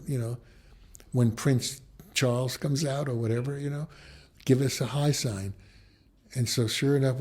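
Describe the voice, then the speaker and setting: An older man from the Bronx, telling anecdotes in a conversation and acting out the dialogue of the people in them. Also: medium pitch. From the Bronx, New York. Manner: animated storyteller who acts out quoted dialogue. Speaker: interviewee, photojournalist.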